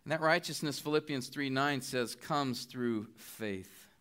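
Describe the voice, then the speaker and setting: Bright-voiced earnest middle-aged man preaching. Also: mid-range voice, unhurried, smooth. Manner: earnest, pleading appeals with rising emphasis. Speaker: guest preacher. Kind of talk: sermon.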